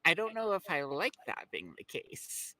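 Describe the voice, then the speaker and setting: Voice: medium pitch, wildly swooping pitch, normal speed, sharp tone, poor audio. A tabletop player chatting in a playful, giggly way over a home microphone. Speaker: player voicing a character. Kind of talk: casual tabletop game chat.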